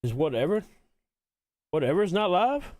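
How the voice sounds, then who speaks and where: A man's voice: high-pitched, big pitch swings, moderate pace, a little mellow, no room sound. A man from Mississippi, chatting casually to viewers while hosting a live-stream watch party, rambling and repeating himself.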